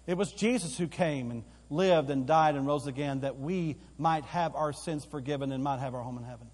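A man's voice: a little high, moderate pace, darkish tone. A man preaching a sermon as pastor in a church auditorium, with emphatic repetition that builds in force. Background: live congregation hall.

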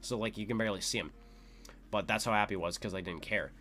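A young man hosting a podcast, telling a story casually, excitable and full of fillers, his voice leaping up when he quotes his own shouts. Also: quick pace, soft background music. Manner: excitable, lots of "like" fillers, jumps to high pitch when quoting shouts. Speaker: podcast host.

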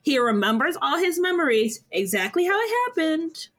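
A woman's voice: high voice, big pitch swings, normal speed. A woman co-hosting a podcast in casual chat, emphatic and swearing freely while recapping a show. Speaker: podcast co-host.

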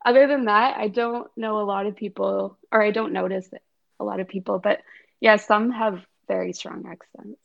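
A woman's voice: mid-range voice, steady tone, normal speed, gravelly, dull audio. A woman from Canada, a podcast guest chatting casually with lots of fillers and laughter. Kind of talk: casual interview chat.

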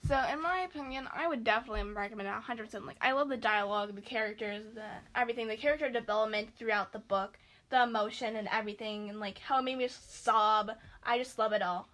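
A woman's voice: a little high, a little fast, bright, forceful tone. A teenage girl hosting a casual book review chat, talking freely with many likes and fillers. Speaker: book club host.

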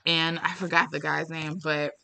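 A woman's voice: level tone, normal speed, vocal fry, sharp tone. A young woman venting in a casual, profane rant to camera, firing off exasperated rhetorical questions. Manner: rhetorical questions, pitch leaps up when worked up. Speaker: vlogger.

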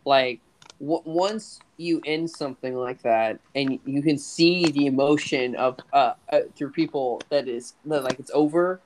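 A young man chats casually as a podcast co-host. He stumbles through his thoughts with repeated restarts and stammers, in an ordinary mid-pitched voice. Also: unhurried, a little hiss or hum.

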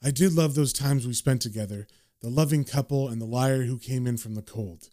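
Weary, wry comic-book man as read by a man, low muttered delivery. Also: expressive, brisk, darkish tone, no echo, clean studio sound, natural voice. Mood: reflective.

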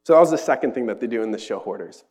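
A man's voice: mid-range voice, lively intonation, racing, darkish tone, faint music behind. A young man giving a casual, earnest sermon, acting out the voices of the people he quotes. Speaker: preacher.

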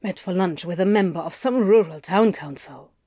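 Smarmy salesman, low and sly; woman narrator voices him. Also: moderate pace, warm tone, no room sound, studio quality, close to an everyday voice. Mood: schmoozing.

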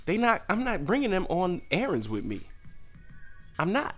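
A young man hosting a podcast, ranting in a profane, animated way with sudden jumps in pitch. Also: moderate pace, soft background music. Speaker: podcast host. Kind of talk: solo comedic rant.

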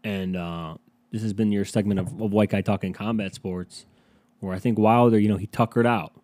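A man's voice: on the low side, fairly even intonation, moderate pace, dark tone. A man hosting a casual solo podcast, rambling and sarcastic with plenty of swearing. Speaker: podcast host.

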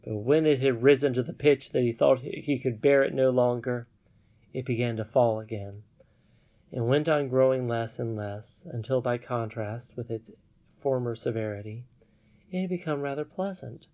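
A man narrating a classic storybook aloud in an earnest, expressive way. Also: mid-range voice, moderate pace, narrow, tinny audio. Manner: earnest, expressive reading with self-amused retakes. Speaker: audiobook narrator.

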